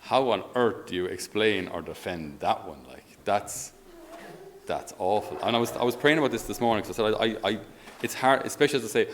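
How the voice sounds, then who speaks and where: An Irish priest with a fairly low voice gives a relaxed, chatty homily. He tells his stories with energy and slips in frequent chuckles, with a faint hum of room noise behind him. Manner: animated storyteller, chuckles while talking. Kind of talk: conversational homily.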